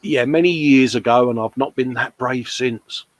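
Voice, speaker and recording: A man's voice: mid-range voice, moderate pace, no echo. A man co-hosting a casual live stream, reading chat comments aloud, joking and calling people mate. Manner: chatty, laughing, calls people mate.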